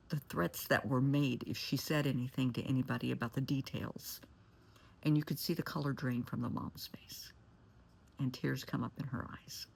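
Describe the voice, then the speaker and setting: A woman's voice: a bass voice, vocal fry, breathy edge. A woman therapist recounting a client story and giving blunt, candid advice. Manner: candid, blunt, shifts to forceful warnings.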